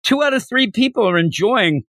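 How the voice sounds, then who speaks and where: A man co-hosting a podcast, excitedly retelling a manga chapter in casual chat, rambling with many restarts. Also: extremely high pitch, normal speed, dry recording, studio quality. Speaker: podcast co-host. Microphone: podcast microphone.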